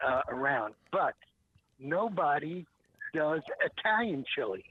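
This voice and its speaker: A man, a guest who makes fishing lures, talking on a radio show in a rambling way with many pauses and restarts. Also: a little high, no echo. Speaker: guest, small lure maker. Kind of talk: radio talk show call-in chat. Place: calling in by phone. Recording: tinny phone line.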